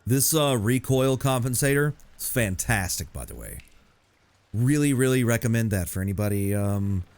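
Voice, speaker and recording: A man's voice: medium pitch, lively intonation, normal speed, a little mellow. A young man giving casual, joking commentary while playing a video game at home. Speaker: gameplay commentator. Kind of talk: casual let's-play commentary.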